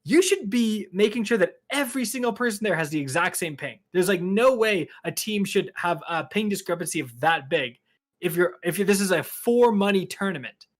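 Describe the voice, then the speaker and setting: A man's voice: high-pitched, moderate pace. A man co-hosting a gaming podcast, telling stories animatedly and acting out quotes. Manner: animated storytelling, acts out quotes. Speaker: podcast co-host. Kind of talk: casual gaming podcast chat.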